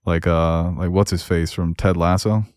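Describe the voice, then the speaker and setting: A man's voice: deep voice, fairly even intonation, normal speed, darkish tone, clear, resonant tone, no room sound, studio quality. A man co-hosting a casual TV review podcast. He laughs often and swears freely. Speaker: podcast co-host.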